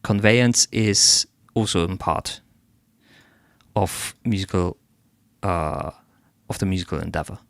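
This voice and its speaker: A low, gravelly-voiced man speaks slowly and deliberately as he gives live-stream feedback on a song. He picks his words with care and sometimes stops mid-sentence to find the right one. The sound is dry and close, with little room echo. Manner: analytical, searches for words, hums melodies to demonstrate.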